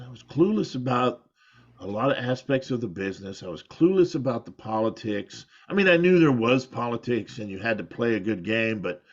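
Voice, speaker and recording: A middle-aged man, a former pro wrestler, telling rambling, candid stories in an interview and laughing at himself. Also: medium pitch. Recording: dull lo-fi audio.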